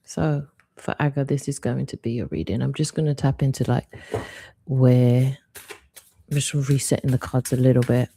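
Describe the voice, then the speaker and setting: A woman hosting a live stream, giving an intuitive card reading in a soft, reflective, unhurried way. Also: a bass voice, steady tone, creaky, husky, no echo.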